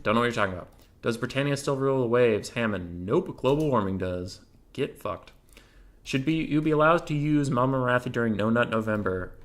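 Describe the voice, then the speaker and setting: In a casual gaming Q&A, a male host reads out community questions and tosses off quick, joking answers. His voice sits at medium pitch with a fairly bright tone.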